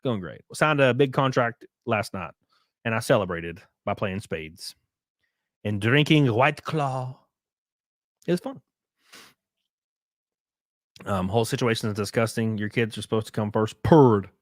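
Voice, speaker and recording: Laughing Southern streamer, dry mic. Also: male voice, lowish voice, lively intonation, measured pace, long pauses, no echo. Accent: Southern US (Alabama). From rural Alabama. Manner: rambling, laughs often, swears freely. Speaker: livestreamer and race car driver. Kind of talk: casual livestream chat reading viewer comments.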